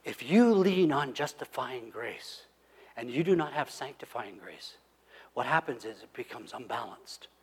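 A man preaching a sermon, swinging between loud emphatic lines and hushed asides. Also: medium pitch, animated, unhurried, slightly rough. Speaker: pastor. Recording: long hall reverb.

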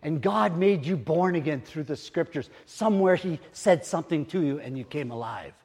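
An older man preaching a sermon as pastor, telling stories in an animated way that rises to excited exclamations, in a church hall. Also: on the high side, moderate pace, husky. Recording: long hall reverb.

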